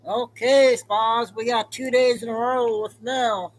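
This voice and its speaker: A man's voice: extremely high pitch, level tone, takes it slowly, poor audio. A man hosting a show, running through the lineup in an offhand, chatty way. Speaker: show host. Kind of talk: casual show rundown.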